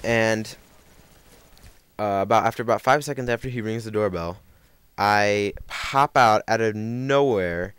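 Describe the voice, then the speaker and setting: A man's voice: on the low side, unhurried, a bit bright, clear, resonant tone, dry recording. A young man telling a rambling story over gameplay, full of fillers and self-corrections. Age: young adult. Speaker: gaming commentator.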